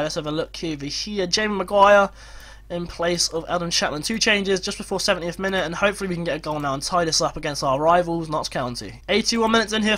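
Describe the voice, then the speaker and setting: Excitable young gamer, bright voice. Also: male voice, sits high. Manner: excitable, swings between glum muttering and loud shouts at goals. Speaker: gaming YouTuber. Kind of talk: Let's Play commentary.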